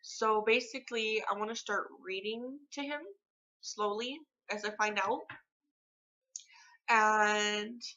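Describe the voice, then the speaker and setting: A woman's voice: mid-range voice, fairly even intonation, slow pace, long pauses, sharp tone, lo-fi sound. A young woman vlogging at home, chatting casually and rambling with lots of filler words. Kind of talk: casual chat to camera. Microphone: phone camera.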